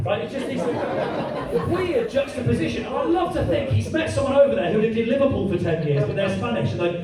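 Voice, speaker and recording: Performing stand-up before a live crowd, a man tells animated stories laced with heavy swearing, his voice very high-pitched and fairly quick. The mic sits at a distance in an echoey room, picking up crowd and audience noise.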